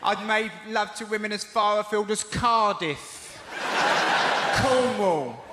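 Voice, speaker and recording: A man with a Cockney accent doing stand-up, telling animated stories and acting out voices, on a theatre stage mic. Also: sits high, slow pace. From East End of London. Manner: animated storytelling with acted-out voices. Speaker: stand-up comedian. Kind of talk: stand-up comedy. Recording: echoey theatre, loud noise. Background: audience laughter.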